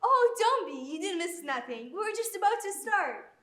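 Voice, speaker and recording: Woman playing a fussy, lively hostess. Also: very high-pitched, normal speed, heavily acted. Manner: chatty, fussing. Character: fussy hostess at a holiday party. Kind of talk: stage sketch comedy. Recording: echoey room.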